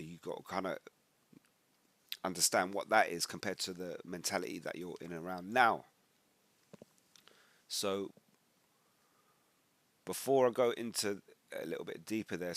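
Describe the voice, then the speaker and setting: A man's voice: low voice, a bit bright, dry recording. A British man in casual commentary, reading out online comments and then preaching on scripture in a rambling, conversational way with sudden emphatic bursts. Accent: British English. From United Kingdom. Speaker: religious commentator. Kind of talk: casual commentary reading social media posts.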